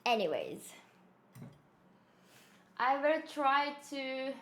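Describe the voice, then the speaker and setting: A woman's voice: sits high, very animated, drawn-out words. A woman whose first language is Japanese, chatting playfully on a live stream, giggling and slipping in Japanese phrases. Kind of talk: casual live-stream chat. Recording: echoey room with faint ambient noise.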